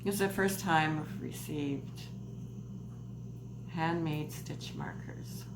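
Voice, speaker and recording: A woman's voice: low voice, slow pace. A woman vlogger chatting through a crochet mail unboxing, gushing and giggly. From Canada. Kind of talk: casual unboxing vlog. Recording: echoey room with noise.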